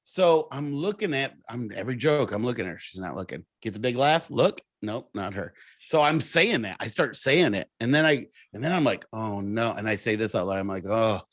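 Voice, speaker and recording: A man telling a story in casual chat, animated and laughing as he acts out the people in it. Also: medium pitch, brisk, hardly any pauses, no echo. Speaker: comedian guest.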